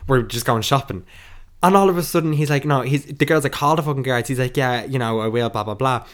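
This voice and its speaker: Young Irish man, Dublin accent, chatty podcast co-host, fast, plays out every line of a story. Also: mid-range voice. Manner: rambling storyteller, acts out quotes. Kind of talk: casual chat.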